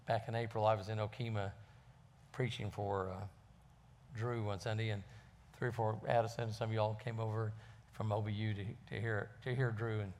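A man's voice: fairly low pitch, little pitch movement, moderate pace, darkish tone. A man preaching a sermon and telling a story in a folksy way, with fillers.

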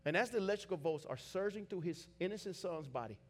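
A man preaching a sermon, telling a dramatic story that builds to shouted climaxes. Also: high-pitched, expressive, fast talker.

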